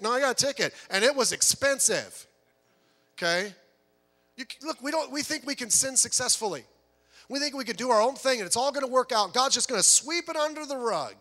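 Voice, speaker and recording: A man preaching a sermon as a pastor, telling stories with humor and quick voiced asides. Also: extremely high pitch, expressive, pushed and bright, in a large hall.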